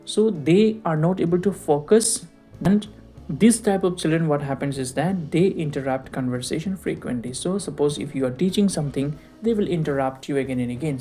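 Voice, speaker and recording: A man giving a recorded lecture, explaining slowly and checking in with rhetorical questions like "right?". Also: a little high, mellow, faint music behind. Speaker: teacher.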